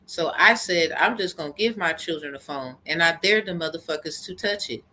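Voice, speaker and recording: A woman's voice: on the low side, brisk, sharp tone. A woman telling a rambling, profane story in a heated personal rant to camera. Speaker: vlogger.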